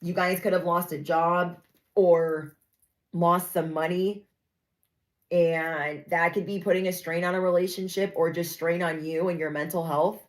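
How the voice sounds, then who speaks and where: Chatty, sassy woman with a low voice. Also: fairly even intonation, a little slow, poor audio. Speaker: tarot reader. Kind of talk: casual spoken reading to viewers.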